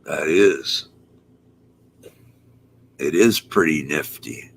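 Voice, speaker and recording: A man's voice: a bass voice, extremely slow, vocal fry, breathy edge. A man on a casual live panel, cheerfully greeting viewers in chat.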